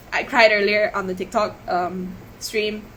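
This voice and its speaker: Slowly and in a steady, medium-pitched voice with a fairly bright tone, an upset, emotional woman recounts events on a live stream, rambling, repeating, and restarting. A webcam or phone captures her in a rough recording with a little hiss or hum.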